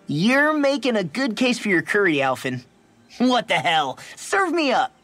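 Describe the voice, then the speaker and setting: A brash, cocky young fighter. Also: male voice, sits high, big pitch swings, a little slow, fairly bright tone, exaggerated voice. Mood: excited. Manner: cocky, blunt. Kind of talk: video game voice acting.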